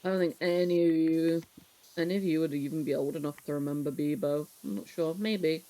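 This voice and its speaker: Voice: medium pitch, a little fast, poor audio. Chatty, swearing streamer in their thirties. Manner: chatty, swears freely, laughs often; reminiscing, animated storytelling. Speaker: live streamer. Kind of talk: casual chat while cleaning on stream.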